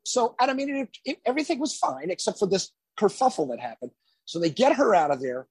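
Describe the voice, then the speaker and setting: A man, a guest musician, telling a road anecdote in a casual, animated storytelling manner. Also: sits high, brisk, husky, no room sound.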